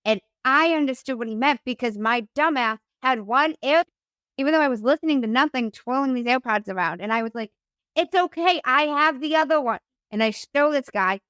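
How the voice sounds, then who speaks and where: A young woman telling a story in casual chat, animated and profane, acting out the lines she quotes. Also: a little high, fairly quick, clean tone, dry recording, studio quality. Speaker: podcast host telling her story as guest.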